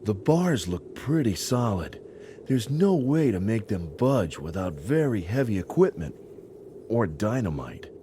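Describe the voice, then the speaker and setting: A man's voice: fairly low pitch, sing-song, a little slow, background noise. An actor voicing a sardonic male adventurer in a video game, who speaks in dry, witty remarks. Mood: wry. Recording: game music behind the voice.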